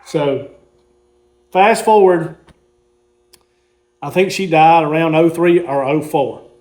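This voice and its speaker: A man's voice: fairly high pitch, slow pace, a little mellow. A man, casually telling a rambling story while showing his car collection. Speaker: car hobbyist host.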